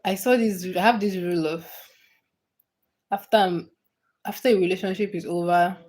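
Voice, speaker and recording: A woman's voice: mid-range voice, darkish tone. Woman chatting live, laughing between replies. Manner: laughs often, answers chat comments with quick repeats and restarts. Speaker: livestream host. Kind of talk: casual chat with viewers.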